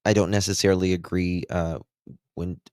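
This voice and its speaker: Appalachian male commentator, deep-voiced, sarcastic, dry sound. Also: flat delivery, moderate pace, darkish tone, no echo. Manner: blunt and sarcastic, mocking. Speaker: true crime commentator. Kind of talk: commentary reacting to interview clips.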